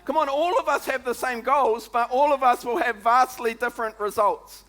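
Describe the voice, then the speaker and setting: A pastor with a New Zealand accent delivers a sermon in a lively, conversational way, repeatedly calling "come on" and "eh?" to the congregation. His voice is very high and his speed normal.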